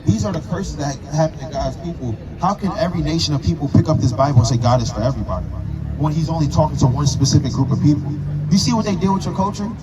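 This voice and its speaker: A man's voice: on the high side, fast talker, muffled recording. A man preaching on a street corner, firing rhetorical questions with emphatic force. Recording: crowd noise around.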